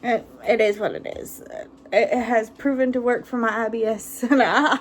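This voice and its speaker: A woman's voice: a little high, measured pace, a little hiss or hum. A woman, chatting casually in a rambling vlog and laughing often. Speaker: vlogger. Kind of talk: casual chat.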